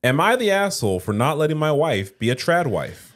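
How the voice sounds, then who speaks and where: A man co-hosting a relaxed podcast, talking in a blunt, joking way and swearing freely. His pitch moves up and down a lot as he makes his points. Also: a little fast. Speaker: podcast co-host. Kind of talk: casual podcast chat.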